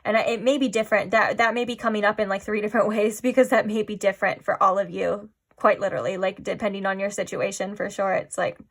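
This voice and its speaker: A woman giving a casual pick-a-card tarot reading, rambling and filling her talk with "like", often dropping into soft, musing asides. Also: mid-range voice, fairly even intonation, fast. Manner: rambling, heavy use of "like". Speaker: tarot reader.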